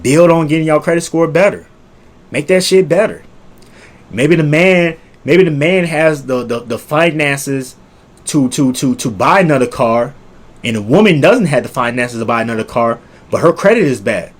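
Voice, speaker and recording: A man's voice: a little high, animated, moderate pace. A young man, giving profane, preachy relationship advice in a casual monologue that keeps circling back to the same points. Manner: profane, preachy, repetitive, rises loud when making a point. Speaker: relationship vlogger.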